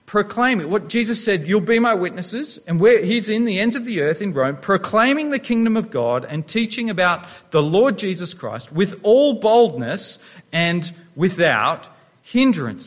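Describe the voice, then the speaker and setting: Earnest preaching man, higher-pitched. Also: very animated, normal speed. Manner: earnest preaching with rhetorical questions and some restarts. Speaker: pastor. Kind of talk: sermon.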